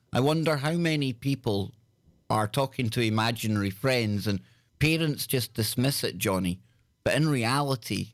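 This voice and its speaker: A man's voice: mid-range voice, no echo. A Scottish man hosting a call-in radio show, chatting with callers in a chummy way, calling them brother and dude. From Scotland. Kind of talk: casual call-in radio chat.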